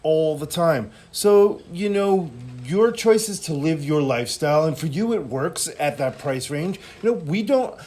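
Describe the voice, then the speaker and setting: A young adult man in a casual interview, speaking in an easygoing, measured way with many "you know" fillers. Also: fairly high pitch, lively intonation, dark tone. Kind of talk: casual conversation.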